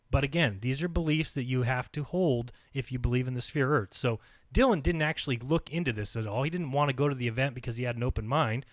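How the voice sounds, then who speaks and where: Heard in a studio-quality recording with no echo, this medium-pitched man hosts his own channel and reacts to a video. He comments insistently over the clips and repeats his points with emphasis, all while eating.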